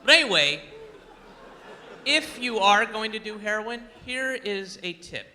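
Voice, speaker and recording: Bright, animated stand-up comic man. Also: high-pitched, slow pace, long pauses, a little hiss or hum. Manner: animated, incredulous, rambling asides. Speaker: stand-up comedian. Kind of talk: stand-up comedy. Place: comedy stage before a live audience.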